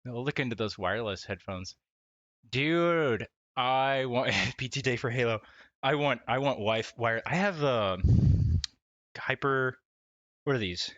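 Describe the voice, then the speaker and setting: A man livestreaming casually from his desk at home, laughing often, swearing and talking excitably to his chat. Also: mid-range voice, measured pace, dry recording, lo-fi sound. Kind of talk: casual live-stream chat. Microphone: desk mic, wearing wired headphones.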